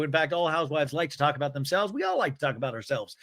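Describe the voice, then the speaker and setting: A man hosting a comedic recap, animated, slipping into high campy impressions of the people he retells. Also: quick pace, dry recording, studio quality. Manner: animated, mimics cast members in high campy voices. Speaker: podcast host recapping reality TV.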